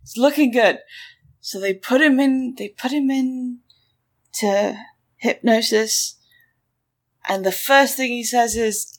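Woman host, lively sarcastic storyteller, fairly high voice. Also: slow, pauses often. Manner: animated, sarcastic, acts out quotes. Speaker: podcast host telling a story. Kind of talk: casual storytelling chat.

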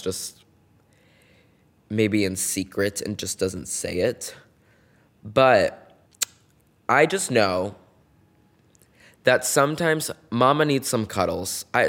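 A young man with a lowish voice hosts a casual podcast on his own. He talks in a campy, gossipy way, jumping from loud outbursts to quiet asides. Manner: animated, swings between loud bursts and soft asides. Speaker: podcast host. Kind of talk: casual solo podcast chat.

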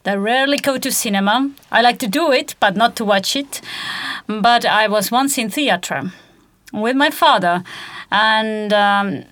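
Estonian-accented woman, animated storyteller. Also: fairly high pitch, measured pace, no echo. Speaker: podcast guest, opera singer. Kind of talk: casual chat.

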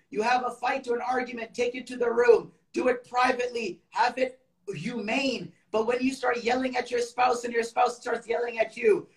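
A man giving a sermon in casual, conversational storytelling, with quick Quran recitation in between. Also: extremely high pitch. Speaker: preacher. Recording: echoey room, mic at a distance.

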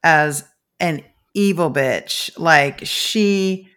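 A woman co-hosting a podcast, chatting casually about a film with slow, drawn-out remarks. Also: deep voice, a bit bright, smooth. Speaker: podcast co-host. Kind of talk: casual movie chat.

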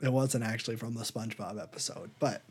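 A young man co-hosting a podcast, chatting casually about old movies with lots of fillers and jumping into a high voice for silly quotes. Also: quick pace, slightly rough. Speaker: podcast co-host. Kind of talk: casual movie review chat.

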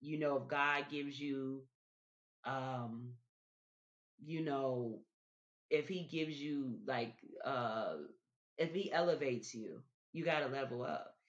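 A woman's voice: rumbling low, slow pace. Chatty woman on a dull lo-fi recording. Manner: chatty, repeats words, addresses listeners directly. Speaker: podcast host. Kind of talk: casual reflective podcast monologue.

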